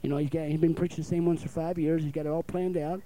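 High-voiced folksy male preacher. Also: little pitch movement, quick pace, warm tone, rough recording. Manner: folksy, calls for amens, acts out little dialogues. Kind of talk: sermon.

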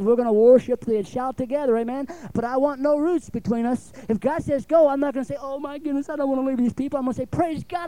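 A man's voice: sits high, warm tone, no echo, poor audio. A man preaching a sermon in a folksy way, often calling out for an amen. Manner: folksy, calls for amens, acts out little dialogues.

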